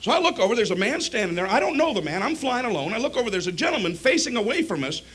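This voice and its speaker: Guy doing standup, high voice all over the place, talks fast, bit of room noise. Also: slightly rough. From Michigan. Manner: animated storytelling. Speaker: stand-up comedian. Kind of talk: stand-up comedy set.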